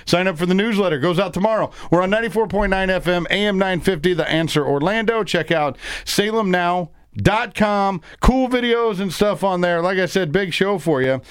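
A man hosting a talk radio show, trading quick, opinionated, joking banter with his co-host from the studio. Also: high-pitched, smooth, dry recording. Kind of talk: conservative talk radio commentary. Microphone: studio microphone.

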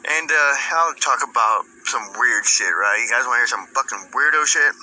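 A man telling a rambling, profane comic story, animated and laughing at his own jokes. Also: mid-range voice, moderate pace, slight background noise, poor audio. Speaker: comedic storyteller.

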